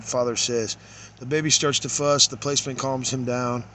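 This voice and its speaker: A man reading case notes aloud and commenting on them, halting, with many fillers, trailing off quietly at times. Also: medium pitch, fairly even intonation, slight background noise.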